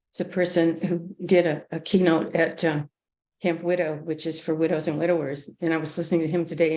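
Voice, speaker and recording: A widow speaking tenderly at an online book reading, halting with many pauses and fillers. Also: female voice, on the low side, darkish tone.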